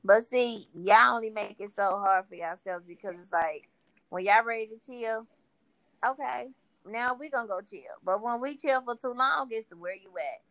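Higher-voiced woman, dry close sound. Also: moderate pace, a bit bright, no echo. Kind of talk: casual chat.

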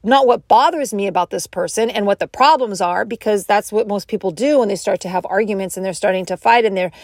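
A woman giving a motivational self-help talk, animated and acting out quoted inner voices. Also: medium pitch, fast, dry recording, clean studio sound.

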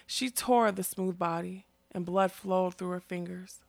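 A woman narrating a fantasy story in a steady, expressive reading. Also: on the low side, unhurried, creaky, few pauses, no room sound, studio quality. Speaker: audiobook narrator.

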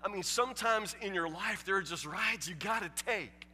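A man's voice: moderate pace, in a large hall, a little hiss or hum. A man preaching a sermon, emphatic and stammering, often asking if the listeners understand. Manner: emphatic, repeats "you understand?"; stammering restarts, drops low and soft for the story.

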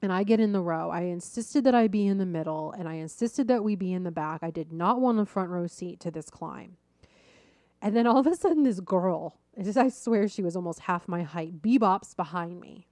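A woman coach and podcast host telling a story in a casual, animated way and laughing at herself as she goes. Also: on the low side, normal speed, no echo, clean studio sound.

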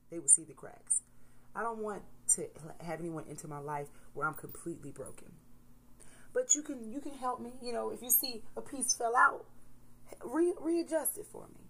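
A woman in her thirties, a mother, talking candidly to camera in a casual motivational vlog, swinging between soft reflection and loud emphasis. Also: on the low side, slight background noise, low-quality recording. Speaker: vlogger, mother.

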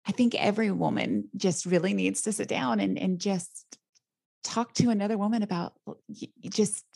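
A woman hosting a podcast, supportive and quick to agree with her guest. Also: medium pitch, creaky, a little mellow, breathy edge, no echo, clean studio sound. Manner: supportive, frequent agreeing interjections. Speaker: podcast host. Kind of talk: interview conversation.

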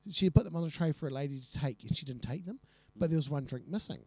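A man co-hosting a casual podcast. He tells his stories with gusto and acts out what everyone said, in a mellow voice recorded close and dry. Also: on the high side, fast talker, dry recording. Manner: animated storyteller, acts out quotes. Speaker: podcast co-host. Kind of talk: casual chat, storytelling.

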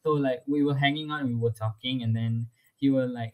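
A man's voice: medium pitch, steady tone, brisk, poor audio. A young man telling his own story in a casual interview, chatty and full of "like" fillers, laughing often.

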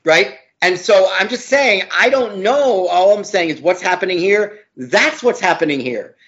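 High-voiced emphatic man, lo-fi audio. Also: lively intonation, unhurried, fairly bright tone. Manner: emphatic, repeats words for stress. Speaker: law professor guest. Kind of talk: opinionated interview talk. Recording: dull lo-fi audio.

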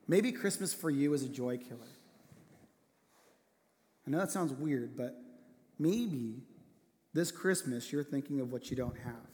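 Earnest preacher with a slightly high voice. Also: male voice, normal speed, long pauses. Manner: earnest storytelling, drops to a hushed voice for tender moments. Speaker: pastor. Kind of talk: sermon. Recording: long hall reverb.

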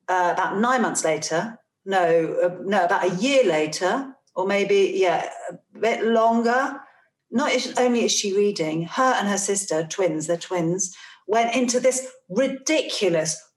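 An earnest woman in her forties tells a personal story as a parent, circling back through restarts and repeating herself for weight. Her pitch sits in an ordinary middle range. The recording carries a noticeable echo from the room. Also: lively intonation. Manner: earnest, halting, with many restarts and repeated phrases. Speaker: parent guest telling a story. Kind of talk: casual conversation, personal storytelling. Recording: roomy, echoey room sound.

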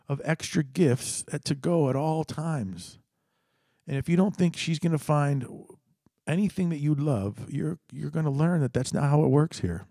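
Man telling a story to the crowd, husky dark voice, dry close sound. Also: a little high, no echo. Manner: conversational, addresses listeners directly. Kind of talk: spoken storytelling to an audience.

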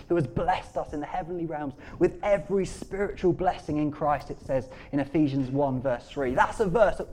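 A man preaching a sermon, moving between quiet, hushed scripture reading and rising, emphatic appeals. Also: fairly high pitch, moderate pace, few pauses.

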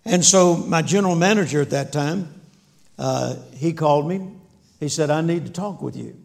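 A male preacher delivers a storytelling sermon with a gravelly edge to his voice. He keeps the humor folksy and acts out the dialogue as he goes, and his voice sits a little high for a man. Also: normal speed, a little mellow. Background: audience laughter.

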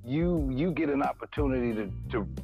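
A man from St. Louis, speaking in a casual, halting and reflective way on a podcast. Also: mid-range voice, expressive, gravelly, highs cut off, over music. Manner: halting, reflective, lots of restarts. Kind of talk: casual chat.

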